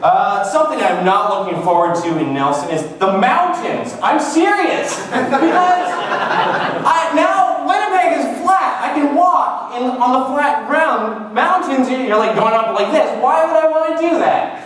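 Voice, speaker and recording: High, lively, joking young man in an echoey room. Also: unhurried. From Canada. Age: 20s. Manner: joking, self-mocking, wry. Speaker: vlogger. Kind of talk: casual comic monologue. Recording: echoey room, far from the mic.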